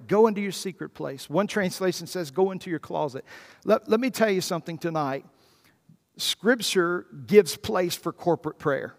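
Male pastor, high voice, dynamic preaching from hush to loud, echoing sanctuary. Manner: animated preaching, swinging from hushed to loud. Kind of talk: sermon. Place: church sanctuary. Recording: long reverb in a church hall.

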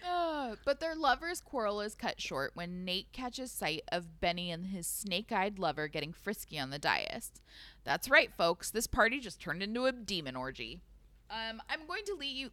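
A woman's voice: mid-range voice, big pitch swings, moderate pace, sharp tone, no echo. A woman co-hosting a casual podcast, recapping a book with playful asides, cursing and frequent laughter. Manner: playful, swears, laughs often. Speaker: podcast co-host.

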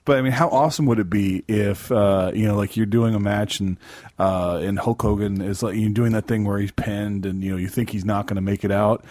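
A man's voice: lowish voice, steady tone, a little fast, darkish tone, no echo. A man co-hosting a casual podcast chat, rambling with hesitant fillers and laughing asides. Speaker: podcast co-host.

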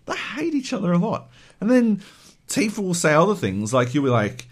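A man's voice: mid-range voice, very animated, fast. A man co-hosting a podcast, ranting animatedly and swearing a lot in casual chat. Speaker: podcast co-host.

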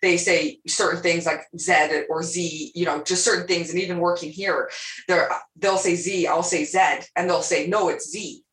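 Interview guest: young woman, Western Canadian accent, bubbly and laughing, slightly low voice, echoey room. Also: fairly even intonation, normal speed, a bit bright. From Alberta, Canada. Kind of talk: casual interview chat.

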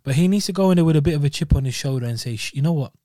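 A man's voice: fairly high pitch, expressive, very fast, mellow, no room sound, clean studio sound. A young man co-hosting a sports podcast, emphatic and jokey, repeating his points. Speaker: podcast co-host. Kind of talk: casual sports chat.

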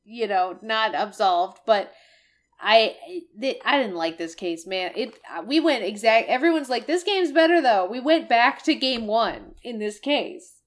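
Ranting woman podcaster, high voice. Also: animated. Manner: ranting, swears freely, mimics game characters in quick bursts. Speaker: podcast co-host. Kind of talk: casual game-review chat.

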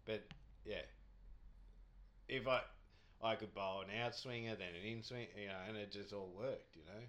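A man's voice: lowish voice, moderate pace, a bit bright. A man, a podcast guest telling cricket anecdotes in a rambling, chatty way, laughing often.

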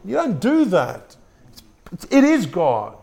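Male pastor, gravelly, slightly high voice, preaching with questions to the congregation and frequent restarts. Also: wildly swooping pitch, slow, mellow. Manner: repeats words and restarts, asks the congregation questions. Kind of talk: sermon. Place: church room with a congregation.

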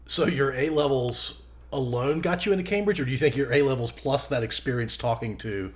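American guy hosting a podcast, mid-pitch voice, short follow-up questions. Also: fairly quick. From United States. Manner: brief prompts and clarifying questions. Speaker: podcast host. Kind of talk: casual interview.

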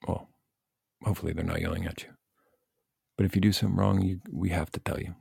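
A man's voice: low voice, fast, gravelly, breathy edge, dry recording, clean studio sound. A man giving blunt, profane coaching advice in a casual rant, speaking as a youth baseball coach and parent. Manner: blunt, profane, animated venting.

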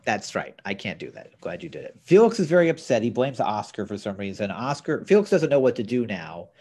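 A man's voice: mid-range voice, very animated, fairly quick, dark tone, husky. A man co-hosting a podcast, recapping a TV episode in casual chat with blunt opinions. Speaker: podcast co-host.

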